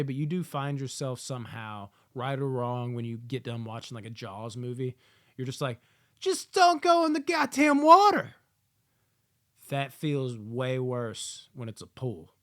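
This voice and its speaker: A man giving a casual movie review, swearing often and acting out characters in loud, yelling asides. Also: medium pitch.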